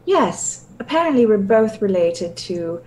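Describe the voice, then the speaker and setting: A woman playing a tabletop role-playing game, speaking gently and a little hesitantly. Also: mid-range voice, very animated, a little slow, a little hiss or hum, rough recording. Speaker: player. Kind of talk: casual tabletop role-play.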